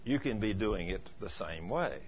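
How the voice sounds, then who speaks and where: A male pastor telling stories in an animated sermon, dropping to quiet asides and rising to loud emphatic peaks. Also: fairly low pitch, moderate pace. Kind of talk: storytelling sermon. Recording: dull lo-fi sermon recording.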